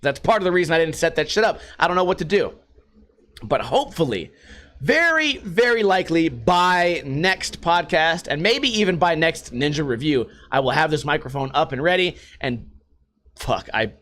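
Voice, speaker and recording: Profane, animated podcast-host man. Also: on the high side, normal speed. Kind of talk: casual rant. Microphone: podcast microphone.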